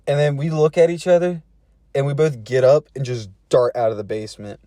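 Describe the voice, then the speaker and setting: A man's voice: medium pitch, brisk, mellow, no room sound, studio quality. A man telling a funny personal story in a laid-back, slangy way, chuckling between phrases. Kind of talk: casual storytelling.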